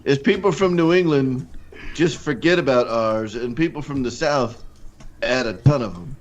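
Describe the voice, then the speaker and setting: A man's voice: mid-range voice, normal speed, lo-fi sound. A man joining a casual livestream chat as a guest, joking and laughing as he swears casually.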